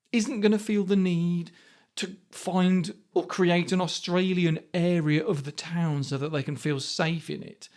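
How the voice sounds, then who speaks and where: A man's voice: high voice, a little mellow. A man in his fifties, hosting a podcast monologue in a conversational way with many rhetorical questions. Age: 50s. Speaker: podcast host.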